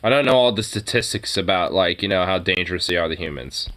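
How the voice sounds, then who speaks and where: Low-voiced guy ranting, swears constantly, lots of "you know" and "like". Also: fast, pushed and bright. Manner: profane, rambling, heavy filler words. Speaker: podcast host. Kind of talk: casual political rant.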